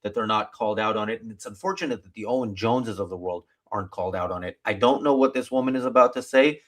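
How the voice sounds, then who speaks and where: A man's voice: on the low side, a bit bright. A man hosting a political commentary show, talking in an opinionated way and stalling often on fillers. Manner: opinionated, halting with many fillers. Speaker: host.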